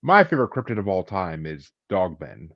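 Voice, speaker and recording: A man's voice: sits low, sing-song, moderate pace, highs cut off. A man who hosts a podcast, chatting casually, joking and swearing freely. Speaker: podcast host. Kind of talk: casual chat.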